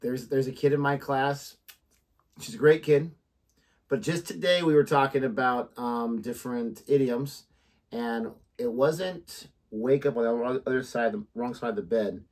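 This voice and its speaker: A man's voice: medium pitch, unhurried, a little mellow. An American man, co-host of a reaction channel and a teacher, chatting casually and joking. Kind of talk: casual chat.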